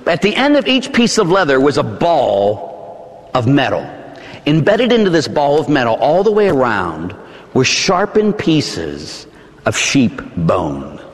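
A man preaching a dramatic sermon in a church hall, telling the story vividly and theatrically with sudden shouts. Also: medium pitch, huge pitch swings, unhurried.

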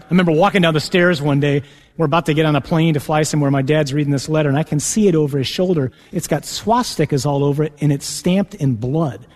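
A man, a priest, telling his own vocation story as a sermon, acting out the conversations with lively rises in his voice. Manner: lively storyteller, acts out dialogue with rising pitch. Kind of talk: personal testimony sermon. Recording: long hall reverb.

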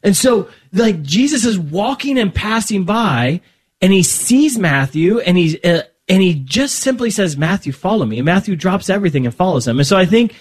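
Very animated and moderately paced, this man's voice sits high. As a podcast guest chatting about his faith, he wanders, keeps restarting sentences, and performs bits of dialogue.

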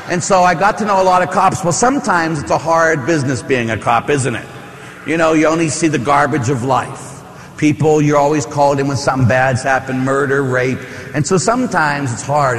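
Here the preacher is a middle-aged man whose voice is fairly high and a bit bright. Speaking as a priest in church, he tells stories and asks the congregation rhetorical questions during his sermon, all captured with the echo of the church hall.

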